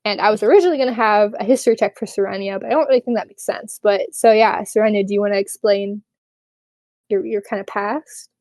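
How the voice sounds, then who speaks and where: A woman narrating as game master of a tabletop game, relaxed and rambling with many fillers. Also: medium pitch, fast talker, dry recording.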